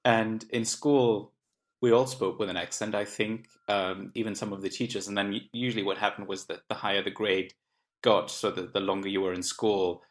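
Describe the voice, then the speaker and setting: A man speaking in a measured, hedging way in a podcast conversation. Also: lowish voice, steady tone. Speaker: interpreter.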